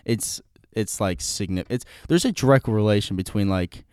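A man's voice: lowish voice, moderate pace, a little mellow, clear, resonant tone, no room sound, clean studio sound. A young man chatting casually on a podcast, rambling with many fillers and restarts.

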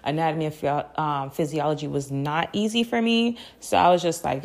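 Young woman storytelling on her podcast, kinda low voice, animated, laughing and cussing a lot. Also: brisk. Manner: animated, laughs often, swears freely, slangy asides. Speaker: podcast host. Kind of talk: casual storytelling.

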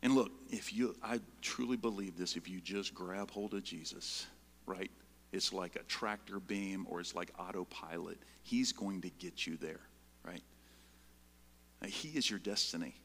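A middle-aged man preaching a sermon, telling a personal story in a conversational way and often checking in with the listeners with a quick "right?". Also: mid-range voice, a bit bright, long reverb tail. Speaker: pastor.

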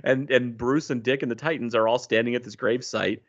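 A man co-hosting a casual comic book podcast, laughing often and acting out quoted dialogue with animated delivery. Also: medium pitch, brisk, muffled recording. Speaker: podcast co-host.

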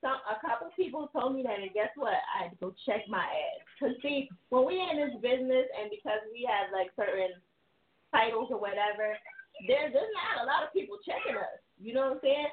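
Lively woman radio host, roomy tinny sound. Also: on the high side, brisk, slight background noise. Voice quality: blunt, laughs often. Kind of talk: casual radio chat.

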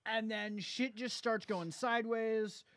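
A man's voice: high voice, fairly bright tone, dry recording, studio quality. A man co-hosting a casual movie review chat, swearing and telling the plot in a laid-back way. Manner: swearing, laid-back storytelling, quick asides. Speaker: podcast co-host.

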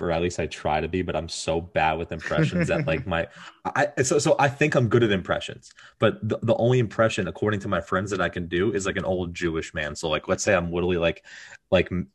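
A man co-hosting a podcast in casual chat, quick and self-mocking, often breaking into laughter. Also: deep voice. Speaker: podcast co-host.

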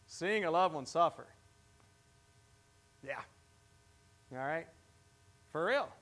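Here a pastor speaks to his church in a slightly high, expressive and a bit bright voice. He keeps stopping to restart his sentences and asks the congregation questions, making the sermon feel conversational and interactive.

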